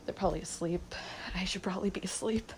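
A woman's voice: fairly low pitch, quick pace, background noise. A young woman in her teens rambling unscripted into her phone at night, giggling, mumbling and sleep-deprived after staying up all night. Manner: giggly, self-mocking, mumbling. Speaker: vlogger. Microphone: phone mic.

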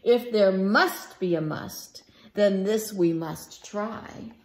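A woman voicing a gentle, thoughtful young male lion who writes poems, speaking softly and earnestly. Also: medium pitch, slow pace, lightly acted.

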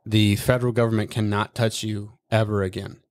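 A man's voice: lowish voice, a little fast, no echo. Profane storytelling man, casual chat. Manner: profane, animated storytelling with acted-out quotes. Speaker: podcast guest, former Marine recruiter.

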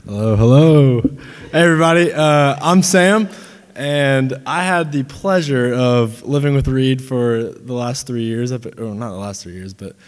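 A man's voice: medium pitch, unhurried, big-room sound. A man in his twenties giving a funny toast as the groom's college roommate, telling anecdotes and laughing between lines. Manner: laughing, animated anecdotes with restarts. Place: large dinner venue.

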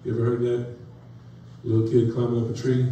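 A pastor preaches a folksy, story-filled sermon, his voice climbing as he builds each point. His voice is mid-range, monotone, mellow, and a little fast. He sounds set back from the mic in a very echoey church sanctuary, with a faint hiss underneath.

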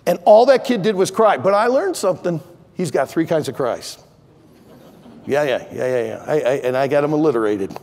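An older man preaching a sermon as pastor, swinging from loud impassioned pleading to quieter conversational asides. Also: high-pitched, big-room sound. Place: large church sanctuary.

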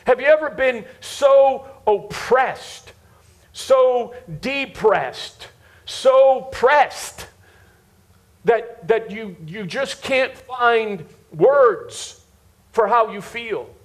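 High-voiced, slow preaching man. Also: animated. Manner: repeats words for emphasis, talks to the congregation directly. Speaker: pastor. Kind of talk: sermon. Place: church before a live congregation.

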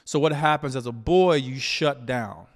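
A man talking alone to his audience as a relationship coach, in a measured, reflective way with many "you know" fillers. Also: mid-range voice, in a large hall. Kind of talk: solo talk to camera.

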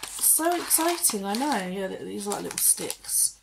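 Casual woman vlogger, mid-range voice, talks through a pet unboxing and gives her dog quick commands, noisy phone audio. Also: mid-range voice, gravelly. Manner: chatty, reads ingredient lists aloud and gives her dog short commands. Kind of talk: casual chat while training her dog.

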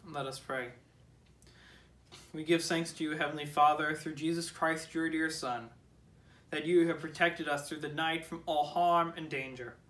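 A man's voice: on the high side, fairly even intonation, a bit bright. Solemn man leading morning prayer. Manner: measured, solemn reading voice. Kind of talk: liturgical reading and prayer.

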